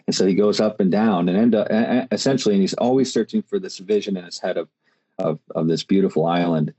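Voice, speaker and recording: With a low, mellow voice and a fast delivery, a podcast host chats casually, rambling through plenty of restarts and fillers.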